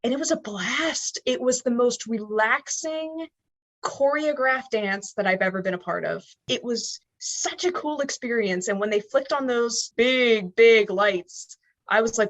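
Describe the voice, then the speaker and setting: A young woman from the US Northeast, a podcast guest telling a story in an animated way and acting out the quoted dialogue. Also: a little high, measured pace. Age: young adult. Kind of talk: storytelling in an interview.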